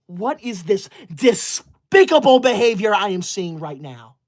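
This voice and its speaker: A woman's voice: mid-range voice, very animated, measured pace, a little mellow. A woman livestreamer chatting with viewers, scolding them in a mock-indignant, theatrical huff.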